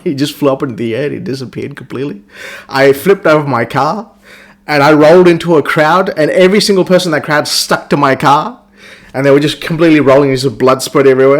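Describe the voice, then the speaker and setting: A man hosting a podcast rants about a video game he's reviewing, crude and mocking, swearing constantly. He ridicules the characters by imitating them in squeaky voices throughout his casual, profane tirade.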